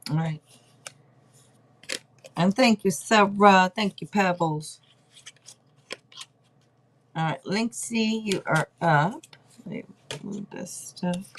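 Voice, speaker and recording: A woman's voice: mid-range voice, takes it slowly, long pauses, a little hiss or hum. A woman hosting a casual livestream tarot reading, chatty, thinking aloud and laughing often. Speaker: tarot reader host.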